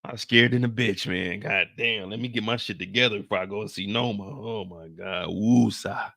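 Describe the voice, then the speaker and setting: A man's voice: fairly low pitch, a little fast, dry recording, clean studio sound. A man giving a comedic, slangy recap of a TV episode, acting out scenes as he goes. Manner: animated, slangy, acts out scenes. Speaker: show recap commentator. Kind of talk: comedic show recap storytelling.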